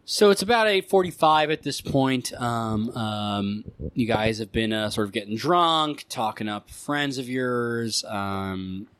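A man running a tabletop game session as game master, narrating in a loose, rambling way full of fillers and stops. His voice sits at an ordinary middle pitch. The recording is dry and close, with no room sound. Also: lively intonation, unhurried, few pauses, a bit bright, clear, resonant tone, no echo.

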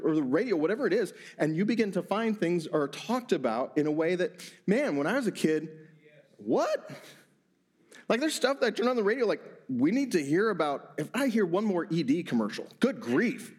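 A middle-aged man preaching a sermon as pastor, animated, stumbling over repeated words in quick bursts. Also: high voice.

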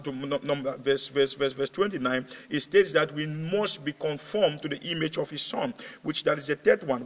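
A man's voice: fairly high pitch, a bit bright. A male pastor delivering an evening sermon in an emphatic, repetitive way, often asking "okay?" and restarting his sentences. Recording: long hall reverb.

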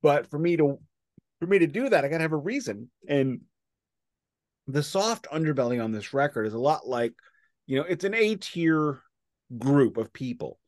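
A man's voice: a little high, expressive, moderate pace, dry recording, studio quality. A man co-hosting a casual album-review podcast, opinionated and prone to digressions. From United States. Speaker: podcast co-host. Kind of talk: casual music review chat.

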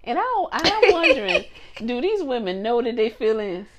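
Lively woman in casual chat. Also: fairly high pitch, normal speed, very noisy. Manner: agreeing, asks questions. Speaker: podcast co-host.

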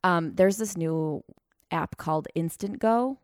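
A woman's voice: lowish voice, takes it slowly, darkish tone, smooth, no echo, studio quality. A young woman hosting a podcast, talking in a rambling, self-deprecating way in casual chat. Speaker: podcast host.

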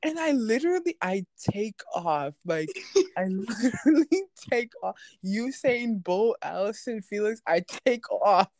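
A woman's voice: mid-range voice, animated, a little slow, darkish tone, no room sound, studio quality. A young woman telling a story in casual chat, laughing often and acting out the people she quotes. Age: young adult.

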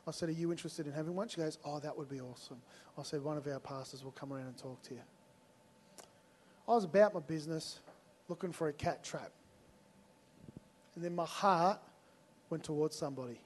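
High-voiced Australian man preaching. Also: brisk, long pauses, slight background noise. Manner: conversational anecdotes, acting out both sides of dialogue. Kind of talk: sermon storytelling.

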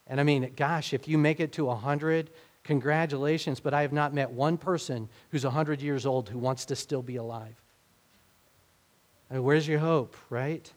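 Conversational man preaching a sermon. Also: mid-range voice. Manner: conversational, acts out quoted speech with rising emphasis. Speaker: pastor.

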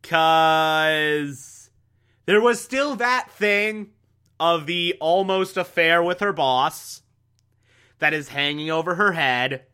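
Young guy gushing about a tv show, slow, kinda high, lots of likes and uhs. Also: pushed and bright, clear, resonant tone. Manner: enthusiastic, repetitive, filler-heavy. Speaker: TV recap host. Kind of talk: casual episode recap.

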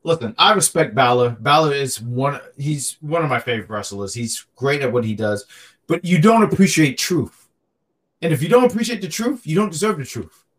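Excitable guy talking wrestling on a podcast, kinda high voice, jokes around, repeats himself a lot. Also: normal speed. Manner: animated, joking, repeats himself. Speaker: podcast co-host. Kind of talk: casual wrestling chat.

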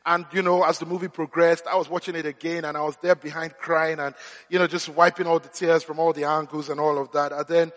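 A man's voice: on the high side, flat delivery, brisk, fairly bright tone, big-room sound. A man preaching a sermon, telling humorous, self-deprecating stories. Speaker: pastor.

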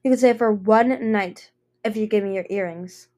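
A woman voicing a cold, sharp-tongued female dragon who snaps at her younger sister. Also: mid-range voice, normal speed, close to an everyday voice. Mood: curt. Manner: snappish, acerbic.

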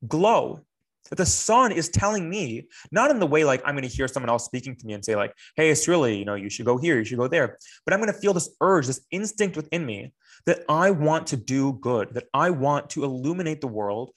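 A man's voice: fairly high pitch, a bit bright. A young man giving a spoken Torah class in an earnest, reflective way, repeating phrases for emphasis. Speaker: Torah teacher.

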